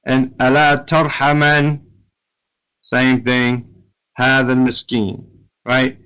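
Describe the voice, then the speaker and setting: Male grammar teacher, unhurried and clear, walks through rules step by step with frequent "right?" checks. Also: medium pitch, flat delivery, bright, forceful tone, poor audio. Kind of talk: classroom grammar lesson.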